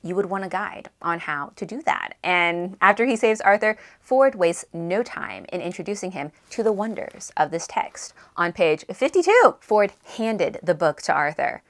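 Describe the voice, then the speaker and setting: Animated woman reviewing books. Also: fairly low pitch, moderate pace, few pauses. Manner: animated, emphatic, conversational. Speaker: book reviewer and Bible teacher. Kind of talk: book review vlog with scripture reflection.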